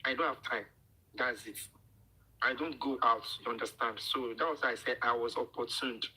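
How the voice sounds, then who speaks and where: A man chatting casually, telling an anecdote slowly and quietly, a little away from the mic. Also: medium pitch, slightly rough, poor audio. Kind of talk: casual chat.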